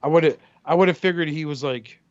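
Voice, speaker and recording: A man co-hosting a casual podcast, his voice sitting a bit high for a man. He talks in a loose, profane way and tells stories with gusto. The recording sounds a little muffled. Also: normal speed, no room sound. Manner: profane, animated storyteller who acts out quotes. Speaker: podcast co-host.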